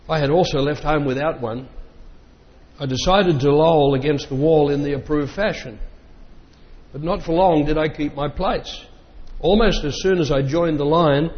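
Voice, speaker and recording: A man reading an old memoir aloud in a measured voice, breaking off now and then for plain asides. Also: on the high side. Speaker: reader. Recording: dull lo-fi sound with long reverb.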